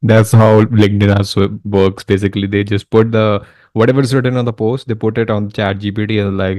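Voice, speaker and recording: A man's voice: fairly low pitch, steady tone, fairly quick, few pauses, darkish tone, dry recording. A man hosting a reaction video, talking casually and loosely. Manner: casual, with restarts and a laugh.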